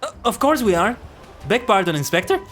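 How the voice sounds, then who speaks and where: A man's voice: sits high, sing-song, brisk, a bit bright, pitched above the performer's own voice. A man voicing a prim, nervous young woman sidekick with flustered, stammering politeness, reading game dialogue aloud.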